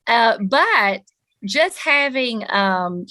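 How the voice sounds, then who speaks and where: A Southern US woman with a bright, ringing, fairly high voice, co-hosting a chatty podcast. She rambles through asides and pokes fun at herself. The sound is dry, with almost no room echo, recorded outdoors on a porch. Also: animated, extremely slow. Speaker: podcast co-host, school counselor. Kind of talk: casual chat.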